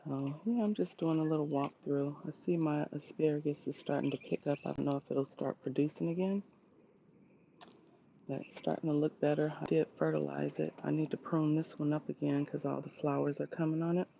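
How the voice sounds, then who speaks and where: Outdoors with a phone in hand, a woman walks through her backyard garden on a casual livestream, calling out to viewers by name. She speaks low and fairly quickly with fairly even intonation and some creak, and the slightly dull phone audio has a little hiss or hum.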